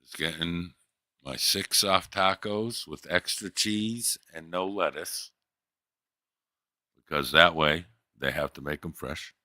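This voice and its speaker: A low-pitched man rambles through a casual livestream, swearing freely and telling jokey stories. His tone is forceful and bright, recorded dry and close with no room sound. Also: slow, no room sound. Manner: profane, joking storyteller with voice impressions. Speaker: livestream host. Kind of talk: casual rambling stream chat.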